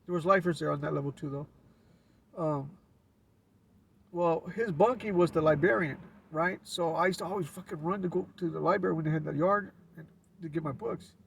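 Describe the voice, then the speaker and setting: Casting: LA man, gravelly and raspy, laid-back storyteller heard from off-mic. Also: fairly high pitch, a little fast, recorded from a distance, slight background noise. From Los Angeles. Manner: laid-back street slang with frequent restarts. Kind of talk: casual storytelling.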